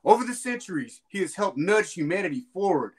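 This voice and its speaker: A man's voice: high voice, very animated, fairly quick, breathy edge. A man co-hosting a casual comic-book chat, reading out character facts and laughing easily.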